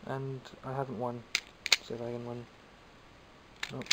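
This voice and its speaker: A man's voice: mid-range voice, monotone, measured pace, very noisy. A man with a Scottish accent, chatting casually and self-mockingly while showing off toys he bought. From Scotland. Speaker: toy collector vlogger. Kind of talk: casual show-and-tell vlog.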